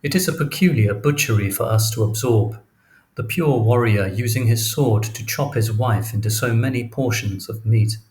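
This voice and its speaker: A man narrating a nonfiction audiobook in a measured, deliberate way. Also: mid-range voice, a little mellow.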